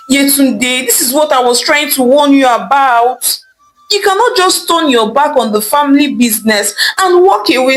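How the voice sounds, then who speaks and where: A woman's voice: high voice, pitched above the performer's own voice, low-quality recording. A woman playing a stern market mother. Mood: tearful. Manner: pleading, insistent, wailing.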